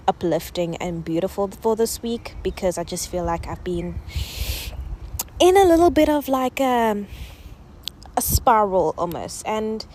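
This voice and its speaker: A South African woman in her twenties chats on her podcast, bubbly and affectionate, with plenty of fillers. She is a little out of breath as she talks from her yoga mat outdoors at dusk. A faint hiss and soft outdoor ambience sit behind her voice. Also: mid-range voice. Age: 20s. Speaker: podcast host. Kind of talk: casual reflective chat.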